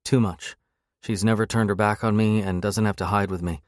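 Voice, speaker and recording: A man's voice: fairly low pitch, steady tone, brisk, dry recording, studio quality, close to an everyday voice. A man reading a cool guarded young woman. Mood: dry.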